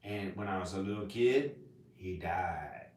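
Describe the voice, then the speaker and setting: Rambling man, slow talker, echoey room. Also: low-pitched, distant mic, very noisy. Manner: rambling, jumps between topics, sudden loud laughing outbursts. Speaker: vlogger. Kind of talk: rambling casual monologue.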